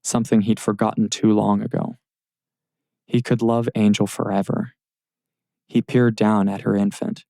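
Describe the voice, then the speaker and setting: A man narrates an audiobook in a steady, measured read. His low voice is dark and gravelly. It is recorded close and dry in a studio booth. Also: dry recording.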